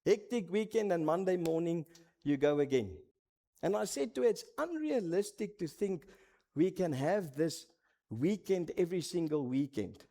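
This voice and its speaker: A middle-aged man with a Namibian accent preaching a sermon as a pastor, telling stories that swing between dramatic highs and hushed lows. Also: lively intonation, moderate pace.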